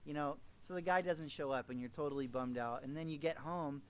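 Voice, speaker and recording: This is a man in middle age delivering a motivational training talk. His voice sits a little higher than most men's. He keeps the energy up and speaks in a folksy way, breaking into short acted-out bits of dialogue. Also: a little fast. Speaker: network marketing trainer.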